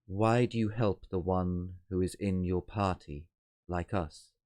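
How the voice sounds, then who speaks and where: A game master voicing a soft, noble, elderly-sounding telepathic figure who speaks slowly and formally. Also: male voice, deep voice, fairly even intonation. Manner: slow, measured, formal. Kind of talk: tabletop role-play voicing.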